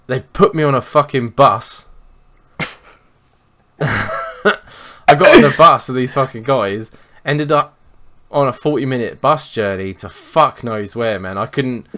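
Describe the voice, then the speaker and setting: A young man, co-hosting a podcast and telling sweary, animated anecdotes in casual chat. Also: mid-range voice, takes it slowly, pauses often. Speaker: podcast co-host.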